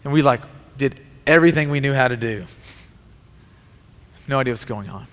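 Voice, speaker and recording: A man's voice: medium pitch, moderate pace, a bit bright. A male pastor preaching a sermon with an earnest, repetitive cadence. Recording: long hall reverb.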